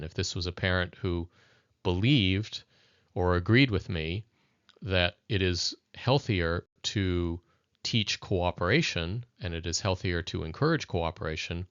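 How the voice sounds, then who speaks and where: A man's voice: low-pitched, fairly bright tone, dry recording. A man teaching in a conversational video lesson, speaking thoughtfully and addressing viewers directly. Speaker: educator. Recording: dull lo-fi dry recording.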